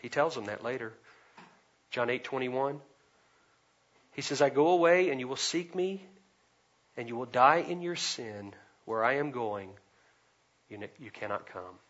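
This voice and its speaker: A man preaching an expository sermon, swinging between loud emphasis and quiet asides. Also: mid-range voice, a little slow, long pauses, dull audio. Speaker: pastor.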